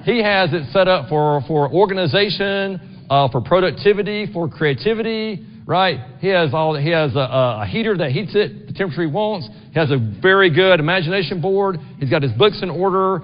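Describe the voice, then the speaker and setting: A middle-aged man preaches in a church sanctuary, his high voice animated and brisk, regularly checking in with the congregation with "right?" The recording is dull and heavy with long reverb.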